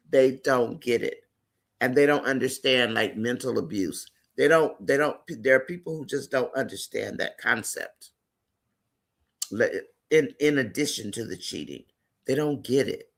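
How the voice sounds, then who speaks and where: A man's voice: mid-range voice, creaky, a bit bright. A man hosting a casual live-stream chat, reading viewer comments aloud and greeting and affirming viewers by name.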